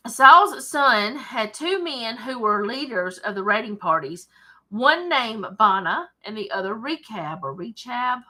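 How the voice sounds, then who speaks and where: Bright-voiced Southern woman reading Bible. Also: a little high, lively intonation, a little slow. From Alabama, USA. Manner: chatty, digressive, laughs often. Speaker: Bible study host. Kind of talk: casual Bible reading and commentary. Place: at home desk.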